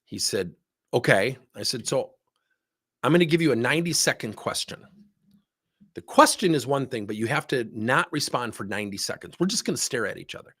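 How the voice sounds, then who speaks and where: A man's voice: mid-range voice, a little fast, husky. A man giving a leadership talk, telling a story and acting out both sides of a conversation. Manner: animated storyteller acting out dialogue. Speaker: leadership speaker.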